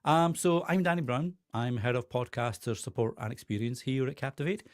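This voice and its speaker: A man's voice: mid-range voice, a little fast, no room sound, studio quality. A man hosting a live stream, chatting loosely with viewers, full of fillers and restarts. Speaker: live stream host, podcast support lead. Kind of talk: casual live stream chat, greeting viewers.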